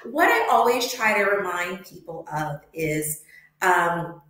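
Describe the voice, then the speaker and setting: A woman's voice: fairly low pitch, very animated, unhurried, fairly bright tone. A young adult woman from the United States, speaking passionately in a conversational interview, with many ums and restarts. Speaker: podcast guest. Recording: very echoey room.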